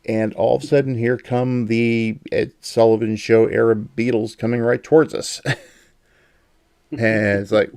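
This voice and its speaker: A man's voice: mid-range voice, flat delivery, measured pace, vocal fry, a little mellow, clear, resonant tone, dry recording. A man hosting a casual podcast chat, telling anecdotes and laughing often. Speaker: podcast host.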